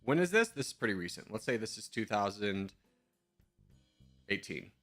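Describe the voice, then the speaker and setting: A man's voice: on the low side, sing-song, normal speed, fairly bright tone, faint music behind. A male streamer in casual live-stream commentary, thinking aloud in a chatty, self-mocking way.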